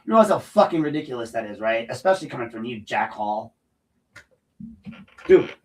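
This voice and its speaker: A man's voice: medium pitch, lively intonation, a little fast, distant mic, rough recording. Profane, combative man ranting off-mic. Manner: profane, combative, gets loud and heated. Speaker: podcast host. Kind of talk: unscripted ranting monologue.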